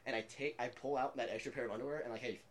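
A man's voice: medium pitch, steady tone, rapid-fire. A man in his twenties telling prank stories in a casual chat, rambling with lots of filler words and laughing as he goes.

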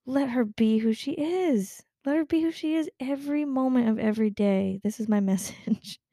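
A woman's voice: on the high side, normal speed, warm tone, no room sound, clean studio sound. A young adult woman hosting a casual talk show, venting with frequent swearing and laughter. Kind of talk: casual chat.

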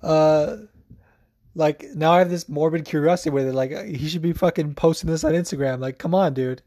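Here a young podcast host talks sports loosely and profanely, with plenty of fillers. He speaks briskly in a somewhat high voice with a dark tone, captured in a dry, studio-quality recording.

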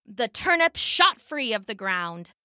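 A woman narrates a children's folktale in a playful, lilting way, her voice high and bright. She takes her time, and her pitch rises and falls a lot. The recording is dry and close, with faint music underneath. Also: big pitch swings, slow pace, no room sound. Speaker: storyteller. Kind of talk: scripted storybook narration.

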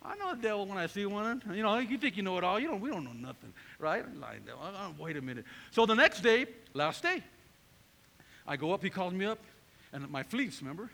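A middle-aged man from Northern California, a pastor preaching a sermon testimony and acting out his own past conversations in an animated storytelling manner. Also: high-pitched, brisk, creaky. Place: church hall. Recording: long reverb of a church hall.

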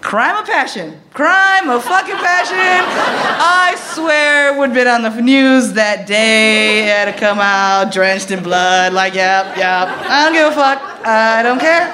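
A woman in her thirties telling a personal story, animated and profane, often laughing as she talks. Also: fairly high pitch, slow pace, crowd noise, background noise.

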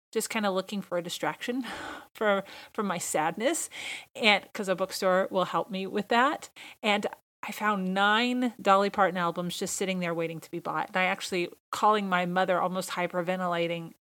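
A woman's voice: fairly low pitch, fairly bright tone. A woman hosting her own podcast in a casual solo monologue, talking with gushing enthusiasm. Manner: enthusiastic, gushing fan talk. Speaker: podcast host.

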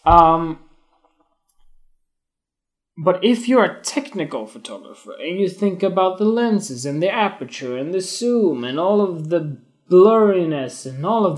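Casting: man, slightly high-pitched candid live-stream host, swears freely, rambling delivery. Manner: candid, swears freely, wanders and restarts, grows emotional. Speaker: photography podcast host. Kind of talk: casual spoken monologue on Instagram Live.

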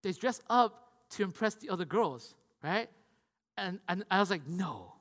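A pastor with a high-pitched, slightly bright voice and lively intonation preaches a conversational sermon at normal speed. He keeps asking "right?" and acts out the voices of the people he describes, with a long hall reverb on the recording.

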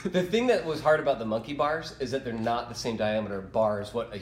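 A man's voice: medium pitch, brisk, echoey room, a little hiss or hum. A man in his thirties, a podcast co-host, chatting casually and chuckling through a story about his daughter. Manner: lively, chuckling, swears mildly with "dude". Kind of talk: casual chat.

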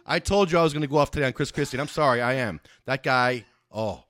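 A man hosting a casual podcast from a private house, excitable and rambling, quick to get fired up. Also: on the high side, no room sound. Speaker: podcast host.

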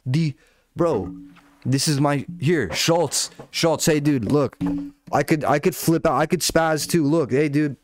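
A man's voice: fairly high pitch, unhurried, voice pushed up, natural voice. A man doing a mocking impression of a macho male comedian who keeps daring someone and leans heavily on "dude.". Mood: taunting. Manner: taunting, challenging, heavy "dude" filler.

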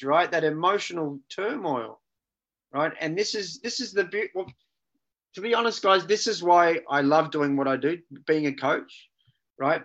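A man's voice: on the high side, fairly bright tone, dull audio. A man who works as a life coach, talking with energy as a podcast guest and often checking in with "right?". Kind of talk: casual podcast conversation.

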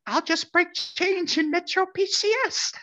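A man imitating a pushy older woman selling DVDs on the street, in a high sing-song voice. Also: fairly even intonation, unhurried, bright, forceful tone, highs cut off, slight background noise, exaggerated voice.

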